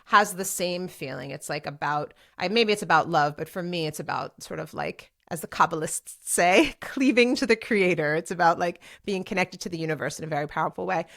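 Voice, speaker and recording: A woman in her forties hosting a casual solo podcast, talking in an animated, chatty way with lots of fillers and restarts. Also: low voice. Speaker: podcast host and DJ. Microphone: speaking to a camera for a video podcast.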